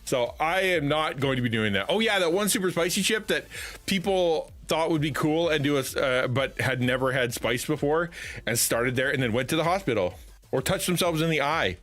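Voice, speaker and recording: Lively, rambling middle-aged man streaming. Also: on the high side, normal speed, soft background music. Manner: chatty and animated, rambling with restarts. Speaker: live streamer. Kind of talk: casual livestream chat.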